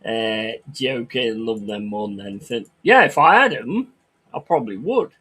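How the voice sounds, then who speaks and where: A man's voice: mid-range voice, lively intonation, normal speed, a bit bright, slightly rough. A man chatting on a livestream, reading chat aloud and ranting crudely with lots of swearing.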